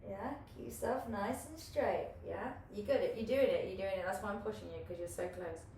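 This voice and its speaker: A woman's voice: mid-range voice, fairly quick, mellow. A woman teaching an online hula hoop class, chatty and encouraging, swearing casually and laughing often. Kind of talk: live online class coaching. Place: home room, online class. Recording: echoey room, far from the mic, faint hiss.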